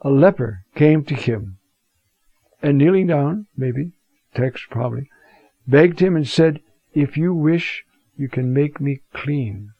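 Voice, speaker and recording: A man teaching a Bible talk, reflective and unhurried, reading scripture passages aloud with emphasis. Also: fairly high pitch, lively intonation, no room sound. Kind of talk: scripture lecture. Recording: dull lo-fi sound.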